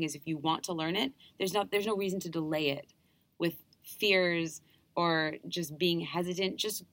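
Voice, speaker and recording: A woman's voice: lowish voice, fairly bright tone, no room sound. A young woman from New York with an American accent, chatting enthusiastically as a guest performer in an interview. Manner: chatty, enthusiastic, quick restarts. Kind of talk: casual interview chat.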